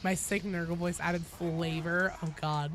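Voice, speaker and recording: A woman game streamer with a badly damaged, hoarse voice, coughing now and then as she chats casually with her live chat, rambling and swearing freely. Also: lowish voice, fairly even intonation, measured pace. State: coughing between sentences. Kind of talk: casual livestream chat, answering chat.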